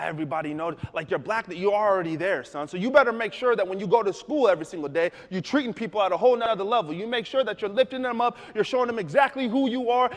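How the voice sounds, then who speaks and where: A man's voice: high voice, voice pushed up. A man voicing his firm, encouraging father, preaching with rising emphasis. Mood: earnest. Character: wise father, middle-aged, firm and encouraging. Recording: long hall reverb.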